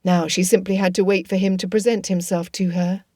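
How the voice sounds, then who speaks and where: A woman reading a novel aloud in a measured, expressive audiobook narration. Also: fairly low pitch, no echo, studio quality.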